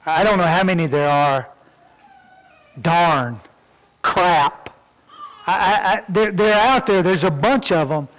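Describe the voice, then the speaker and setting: A man's voice: high voice, animated, moderate pace, few pauses, fairly bright tone. A man preaching a sermon in a folksy way, often repeating words as he starts a sentence. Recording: church hall reverb.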